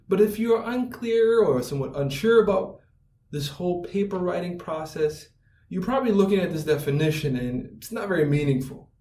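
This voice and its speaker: A man's voice: sits high, expressive, normal speed, warm tone. A man giving an explanatory video lecture on writing, posing rhetorical questions and answering them, acting out everyday scenes. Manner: acts out everyday scenes in quoted voices. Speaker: writing instructor. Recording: echoey room, voice from a distance.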